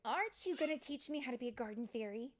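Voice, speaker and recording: A woman voicing an eager young female fairy in a read-aloud storybook, pitched high and pleading. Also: wildly swooping pitch, slow pace, heavily acted.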